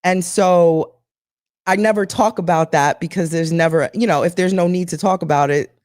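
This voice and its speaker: A woman hosting a casual talk show, telling a gossipy story in an animated way and acting out what others said. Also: on the low side, moderate pace, no room sound, clean studio sound. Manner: animated, gossipy, acts out quotes. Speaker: show host.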